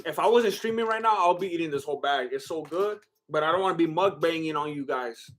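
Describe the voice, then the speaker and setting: A man's voice: a little high, quick pace, a bit bright. A young man giving casual live fight commentary as a streamer, exclaiming at big shots and chatting with his viewers.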